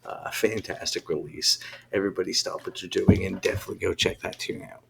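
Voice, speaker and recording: A man's voice: deep voice, fairly even intonation, fairly quick, creaky, heavy background noise. A man co-hosting a music podcast, casually enthusiastic as he announces awards. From Southern Ontario. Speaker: podcast co-host.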